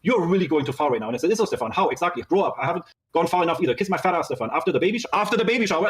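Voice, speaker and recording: A man rapidly reading out a string of text messages and recounting an argument, swearing as he goes. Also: fairly high pitch, animated. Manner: rapid reading aloud, swearing, narrating "she says, I said". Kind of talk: fast recounting of a dispute.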